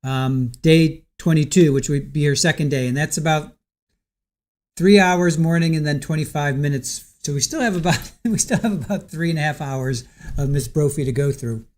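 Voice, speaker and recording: A man hosting a casual livestream about a trial, chatty and giggly, reading aloud haltingly. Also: fairly high pitch, darkish tone. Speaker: trial commentary host.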